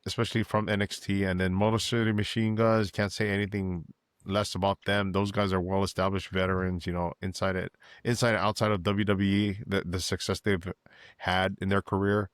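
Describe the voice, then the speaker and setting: A man's voice: deep voice, flat delivery, brisk, dry recording, studio quality. A man co-hosting a wrestling podcast in an easygoing chat, full of fillers, hyping wrestlers and thanking viewers. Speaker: podcast co-host.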